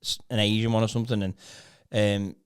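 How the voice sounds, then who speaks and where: A man's voice: fairly low pitch, little pitch movement, a little fast, smooth. A man chatting on a podcast, teasing his friends and rambling through stories with many restarts. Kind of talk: casual banter.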